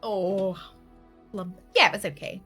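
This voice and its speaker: A woman streaming a game from home, chatting casually, laughing often and switching into a high baby voice for her dog. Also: steady tone, a little slow, pushed and bright, breathy edge, soft background music. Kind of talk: casual live-stream chat.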